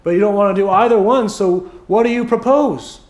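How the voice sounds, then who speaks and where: A man voicing an older businessman who dotes on his son-in-law, telling a joke in a lifted, quicker voice with a sore, hoarse throat. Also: sits high, roomy sound, natural voice. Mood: coaxing. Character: older male businessman, fond father-in-law.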